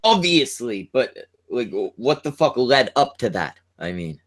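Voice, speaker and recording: A man's voice: mid-range voice, big pitch swings, measured pace. A man co-hosting a stream in casual chat, bluntly pressing with repeated questions.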